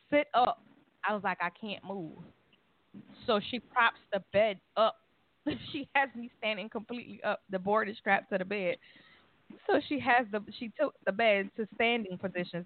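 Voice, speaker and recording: A woman on a call-in talk show telling a personal story in an animated way, acting out the voices in it. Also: medium pitch, dry recording. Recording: phone-line call.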